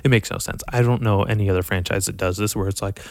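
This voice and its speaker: A young man rambling casually through horror movie picks, profane and animated, sighing often. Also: on the low side, fast. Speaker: vlogger reviewing horror movies. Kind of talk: casual rant to camera.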